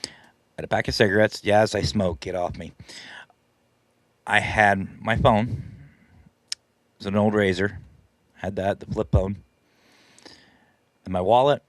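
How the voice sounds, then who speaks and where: A man's voice: fairly low pitch, fairly even intonation, unhurried, long pauses, no room sound. A man hosting a live stream, casually telling a story in a chatty, self-deprecating way and laughing often. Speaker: paranormal team leader and live stream host.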